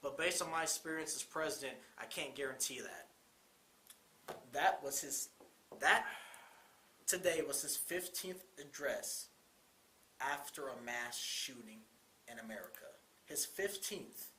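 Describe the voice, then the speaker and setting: A man's voice: mid-range voice, animated, a little slow, pauses often, bright, forceful tone, reverberant, slight background noise. A young man co-hosting a college talk show, speaking with urgent, repetitive passion and pleading questions. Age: young adult. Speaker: co-host. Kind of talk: impassioned commentary.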